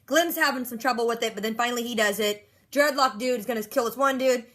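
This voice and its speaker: A woman recapping a TV episode in a rapid, chatty way, dropping sarcastic asides. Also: a little high. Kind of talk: casual fast-paced episode recap.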